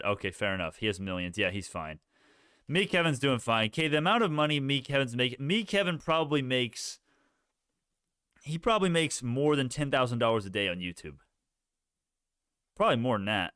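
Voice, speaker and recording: Young male streamer, loose and rambling to his chat, clear resonant tone, dead-dry sound. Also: medium pitch, bright, forceful tone, no room sound. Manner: rambling, talks to chat, restarts often. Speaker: stock live-streamer. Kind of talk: casual livestream chat.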